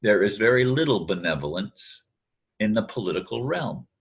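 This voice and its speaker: A man's voice: fairly low pitch, lively intonation, moderate pace, husky, highs cut off. An older man musing aloud in a daily video monologue, quoting friends and often correcting himself. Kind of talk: reflective spoken monologue.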